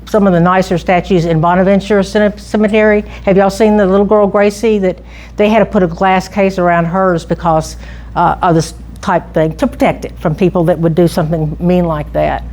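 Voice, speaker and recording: A woman's voice: fairly low pitch, steady tone, normal speed, darkish tone. Chatty woman telling local history. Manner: chatty storyteller, frequent restarts and asides. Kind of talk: informal public talk.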